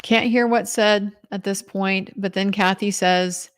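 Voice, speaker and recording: A middle-aged woman walks through what happened in court that day. She tells it in an animated way and voices the quoted lines in her own plain, mid-range voice. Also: medium pitch, a little slow. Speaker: legal commentator. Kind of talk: recounting courtroom testimony.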